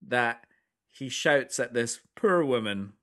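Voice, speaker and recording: A man's voice: mid-range voice, expressive, takes it slowly, fairly bright tone. A man co-hosting a casual film podcast, retelling scenes with dry humour and repeated words. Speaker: podcast co-host.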